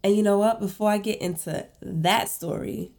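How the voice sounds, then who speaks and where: A woman's voice: medium pitch, moderate pace. A woman hosting her own show, telling a personal story in a casual, chatty way with lots of fillers. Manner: chatty, many fillers, animated retelling; self-described emotional and empathetic. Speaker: podcast host.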